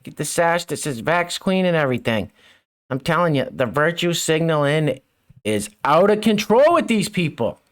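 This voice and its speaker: A man's voice: on the high side, very animated, moderate pace. A middle-aged man hosting a mocking news commentary show, with sarcastic, chuckling asides. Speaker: show host.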